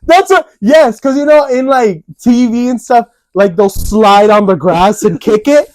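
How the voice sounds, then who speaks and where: A young man co-hosting a casual chat, telling stories with animated, acted-out quotes. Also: very high voice, unhurried, no echo. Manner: animated, acts out quotes in a raised voice. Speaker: co-host.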